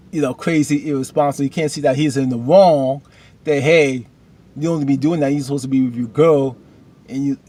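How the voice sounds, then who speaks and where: A man's voice: mid-range voice, dark tone, husky. A man casually recapping a TV episode, chatty and slangy, rambling with restarts.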